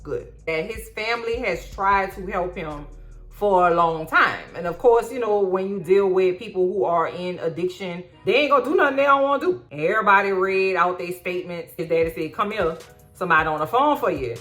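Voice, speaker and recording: A woman vlogger casually recapping a documentary with sassy, slangy, profane commentary and animated asides. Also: medium pitch, a little fast, soft background music.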